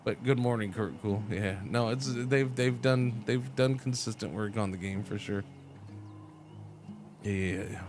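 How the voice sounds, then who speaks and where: Low-voiced rambling male streamer. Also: a little slow, over music. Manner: rambling, repeats and stammers words; talks back to chat messages. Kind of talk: casual live game-stream chat.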